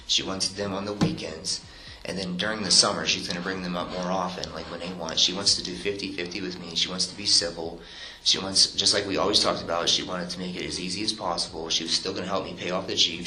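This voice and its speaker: Deep-voiced man retelling events haltingly. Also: little pitch movement, bright, forceful tone. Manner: halting, restarting, quoting himself. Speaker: husband recounting events. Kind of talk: recorded interview testimony. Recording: roomy recording with faint hiss.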